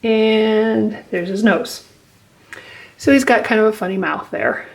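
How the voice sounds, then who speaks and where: A woman's voice: mid-range voice, takes it slowly, gravelly. A woman teaching a drawing lesson, playful and encouraging, talking to children as she draws and laughing often. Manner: playful, encouraging, talks to kids while drawing; laughs often, acts out growls. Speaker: art teacher.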